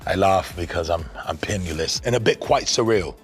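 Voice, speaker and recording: A man playing a pretentious British film actor with a Manchester accent, rambling about his craft in a low voice. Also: normal speed, faint music behind, lightly acted. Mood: pompous. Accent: Manchester English.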